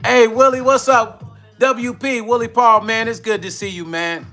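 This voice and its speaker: An older man with a New York accent chats loosely with his livestream viewers, full of slang and shout-outs. His voice sits high and sounds bright and forceful. Soft music plays faintly in the background. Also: fairly even intonation, a little slow. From Brooklyn, New York. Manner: slangy, repetitive, shout-outs to chat, laughs often. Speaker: music vlogger hosting a livestream. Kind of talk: casual livestream chat with viewers.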